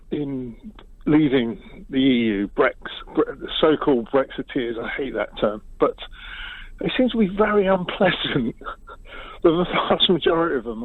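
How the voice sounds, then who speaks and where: A man's voice: medium pitch, no echo. Rambling male caller over a phone line. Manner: hesitant, rambling. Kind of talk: phone-in call.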